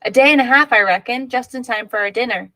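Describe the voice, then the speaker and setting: A woman's voice: on the high side, fast, pushed and bright, pitched above the performer's own voice, low-quality recording. A woman reading aloud as a friendly, folksy Western man who coaxes a mother and daughter along. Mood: coaxing. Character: friendly Western stranger, grown man, easygoing.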